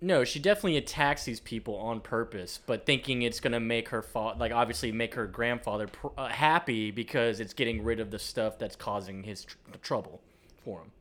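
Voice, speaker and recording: Man, podcast co-host, casual recap, teasing and mocking, average pitch. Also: a little fast, a bit bright. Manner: teasing, mocking his co-host's theories. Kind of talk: casual chat recapping a TV episode.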